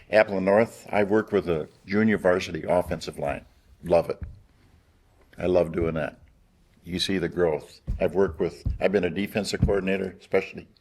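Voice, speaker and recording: A man's voice: low voice, vocal fry, darkish tone, husky. An older man, a veteran football coach, plainspoken and fond of short punchy sayings. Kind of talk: panel discussion.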